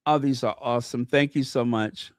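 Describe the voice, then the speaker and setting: A man's voice: mid-range voice, steady tone, normal speed, dry recording, clean studio sound. A man hosting a casual livestream, gushing over gifts and greeting viewers by name. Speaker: channel host. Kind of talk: casual live-stream chat.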